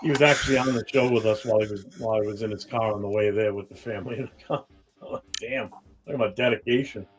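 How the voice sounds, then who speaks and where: A man's voice: lowish voice, fairly even intonation, quick pace. A man with a New York accent hosting a casual live-stream talk show, swearing freely and greeting viewers in the chat. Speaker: podcast host.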